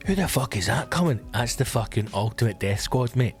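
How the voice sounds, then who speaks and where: A Scottish man hosting a solo comedy podcast, swearing and ranting in an excitable, animated way. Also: medium pitch, brisk, hardly any pauses, soft background music. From Scotland. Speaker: podcast host.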